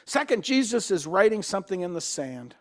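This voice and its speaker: Man, pastor, sermon, high pitch, conversational, questions to the congregation. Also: very animated, a little fast. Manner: acts out quoted voices.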